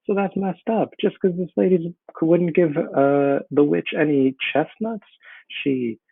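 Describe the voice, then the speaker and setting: Male teacher, husky low voice, reads lines then paraphrases casually; tinny narrow sound. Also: no room sound. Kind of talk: explaining a play line by line.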